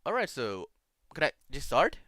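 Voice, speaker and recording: A man chatting as a guest on a stream, excitable, laughing loudly and talking with many fillers. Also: mid-range voice, normal speed, no room sound, studio quality. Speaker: guest Vtuber. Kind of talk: casual collab stream chat.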